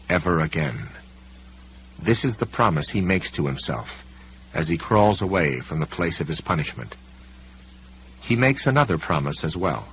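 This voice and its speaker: Deep-voiced male audiobook narrator. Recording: dull recording with faint hum.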